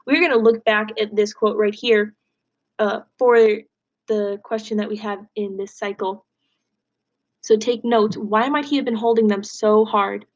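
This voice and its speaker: A woman's voice: mid-range voice, fairly even intonation, measured pace. A woman teacher reading a novel aloud and guiding students through questions. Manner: clear, guiding.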